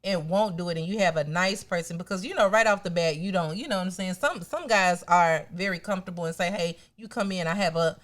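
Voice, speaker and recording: A woman's voice: fairly low pitch, fast talker, few pauses. A woman co-hosting a podcast in casual chat, talking things through and acting out quoted exchanges. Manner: animated, acts out quoted exchanges. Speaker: podcast co-host.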